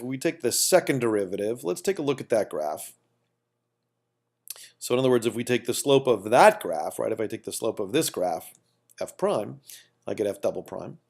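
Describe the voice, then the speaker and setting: A man's voice: mid-range voice, vocal fry, darkish tone. A man teaching a calculus lesson at a whiteboard in a casual way, repeating phrases and checking in with "okay?" and "right?". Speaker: math teacher.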